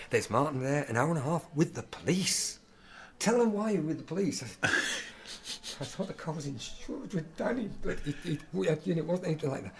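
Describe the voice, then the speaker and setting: A middle-aged man, a guest actor chatting casually and acting out quoted voices as he tells stories. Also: mid-range voice. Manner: animated storyteller, acts out quoted voices, laughs often. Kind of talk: casual anecdotal chat.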